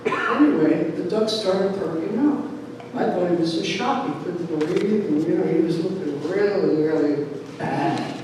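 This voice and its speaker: Storyteller, male, 60s, lively and animated; distant mic, noisy, echoey room. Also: a little high, normal speed. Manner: animated, lively, acts out voices. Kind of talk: live personal storytelling. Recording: echoey hall miked from far off, noisy.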